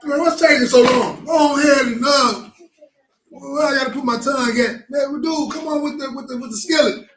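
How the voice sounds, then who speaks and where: A man voicing an impatient young man who is eager to die bravely, shouting in hurried street slang. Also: very high voice, expressive, roomy sound, voice pushed up, full character voice.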